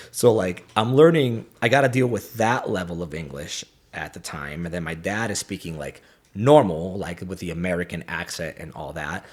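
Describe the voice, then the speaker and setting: A young man from Greece with a slight Greek accent, a podcast guest telling his story in casual chat, animated and mimicking slang. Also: low-pitched, a little fast, husky.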